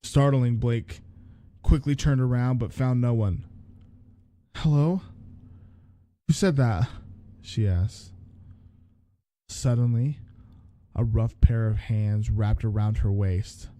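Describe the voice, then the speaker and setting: Dark-voiced man reading a story aloud. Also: mid-range voice, steady tone, slow, no echo. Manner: restarts lines, comments on the text. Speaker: podcast host reading a story. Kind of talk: story reading with casual asides.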